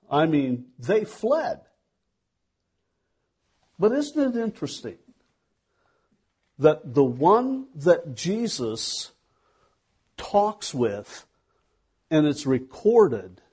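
A male pastor delivers a sermon at an unhurried pace. His voice is mellow and a little husky, and he speaks conversationally, putting questions to his listeners. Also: a little high. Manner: conversational preaching with rhetorical questions.

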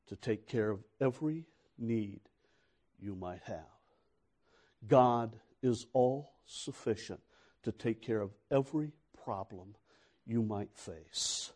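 A male preacher delivering a dramatic sermon, moving from hushed tones to shouting and acting out biblical dialogue. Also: mid-range voice.

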